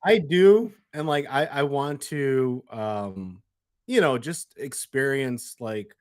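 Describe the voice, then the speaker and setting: A man with a Chicago accent, a podcast guest talking loosely and haltingly in casual chat. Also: mid-range voice, expressive, no echo, studio quality. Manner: halting, loose, full of fillers and restarts.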